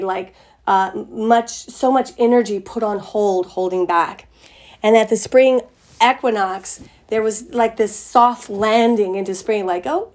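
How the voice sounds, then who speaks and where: An older woman with a raspy voice from a cold, giving a chatty, meandering spiritual talk to her community. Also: mid-range voice, a little mellow. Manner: chatty, meandering, drawn-out phrasing. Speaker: spiritual teacher.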